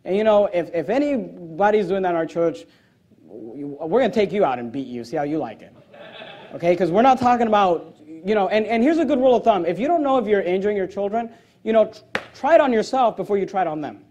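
A male pastor with a high-pitched voice delivers a forceful sermon. He reads scripture aloud with emphasis, and his voice leaps even higher when he cracks a joke. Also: fast talker, highs cut off, slight background noise. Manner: joking asides, voice jumping high on punch lines.

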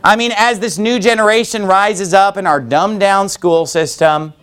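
A man preaching a sermon to his congregation, sarcastic and mocking, with quick asides. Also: high voice, steady tone, a bit bright, clear, resonant tone. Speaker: pastor. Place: church building with congregation.

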